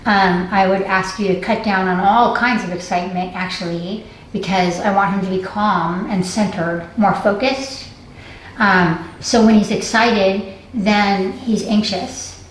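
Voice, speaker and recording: A woman dog trainer giving a hands-on lesson, explaining calmly and coaxing the dog with upbeat praise. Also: medium pitch, measured pace. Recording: distant, echoey, faint noise.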